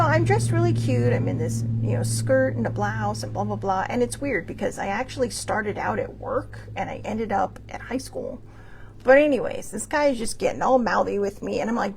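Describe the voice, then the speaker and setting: Gravelly, husky-voiced woman host rambling. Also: a little high, lively intonation, a little fast. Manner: rambling and conversational, with frequent fillers and restarts; earnest, with bursts of laughter and mild swearing. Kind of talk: casual monologue.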